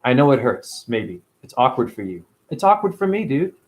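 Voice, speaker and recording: A man's voice: medium pitch, big pitch swings, normal speed. A man hosting a casual livestream, talking animatedly and profanely and answering viewers by name. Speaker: livestream host reading chat.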